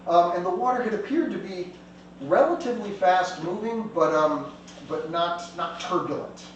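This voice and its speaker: A man running a tabletop game with a fairly high voice, rambling and circling back mid-sentence. The mic is far away in a very echoey room, and a faint hum runs underneath. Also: lively intonation, moderate pace, muffled recording. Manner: rambling, loose, many restarts. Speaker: game master.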